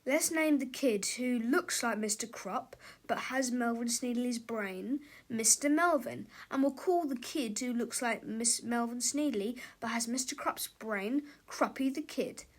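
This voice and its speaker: A woman's voice: fairly high pitch, measured pace, hardly any pauses. A woman narrating a children's book aloud, playfully addressing the listener. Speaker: storybook reader.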